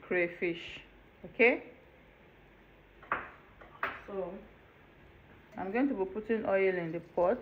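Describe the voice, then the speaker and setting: A woman with a mid-range voice hosts a cooking channel from her home kitchen, speaking slowly with long pauses. She walks through each step of the recipe in a chatty tone and checks in with the viewer. The recording sounds like a dull, lo-fi home video with faint room noise.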